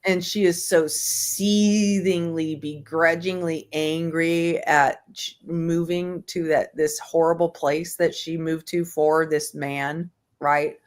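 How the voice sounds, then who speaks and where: A woman hosts an online book club in a low voice. She reads passages aloud, then talks about them frankly and ramblingly, full of fillers and the odd curse. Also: fairly even intonation, takes it slowly, few pauses. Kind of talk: reading aloud and casual book discussion.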